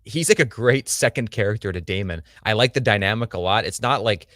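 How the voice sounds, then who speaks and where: A man's voice: lowish voice, brisk, no echo, clean studio sound. A man co-hosting a TV review livestream, opinionated and joking, with casual swearing. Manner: opinionated, animated, swears and jokes. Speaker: podcast co-host.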